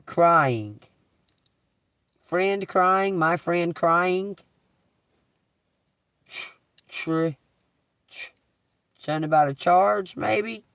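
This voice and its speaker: A man speaks in a very slow, drawn-out way with a gravelly, creaky edge and a somewhat high voice. He muses aloud, spelling out letters and cursing offhandedly as he streams from his car. The sound is dry and a little distant, as if from a phone held away from him. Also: fairly bright tone, no room sound. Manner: slow, musing, spells out letters, swears casually. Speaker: psychic reader live-streaming. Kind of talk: live-stream reading of letter signs. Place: inside a parked car.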